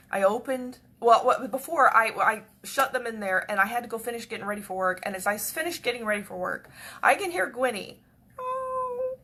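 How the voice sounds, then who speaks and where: A woman telling a personal story in a chatty, repetitive way that often drops to a hush. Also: on the high side. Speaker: devotional speaker.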